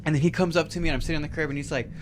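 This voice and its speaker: A man in his twenties, a podcast host, telling a story in casual, profane, animated chat. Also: a little high, rapid-fire, slight background noise. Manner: profane, animated, acts out voices in his stories.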